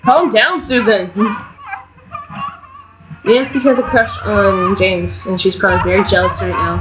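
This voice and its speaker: A young woman giving casual, chatty commentary on her own gameplay, swinging between mock outrage and excited squeals. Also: mid-range voice, normal speed. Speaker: gamer narrating her let's play. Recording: dull lo-fi home mic with faint hiss.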